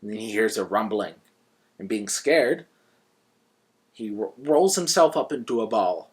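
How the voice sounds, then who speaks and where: A man reviewing a book in a casual, conversational way and retelling the stories as he goes. His voice is low and husky, and he sometimes restarts a phrase mid-sentence. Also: animated, unhurried.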